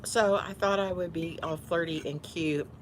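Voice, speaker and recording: A woman's voice: fairly low pitch, steady tone, normal speed, slight background noise. A woman from Houston with a Texan Southern accent, chatting casually while eating on camera, teasing and mock-bossy. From Houston, Texas. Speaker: YouTuber.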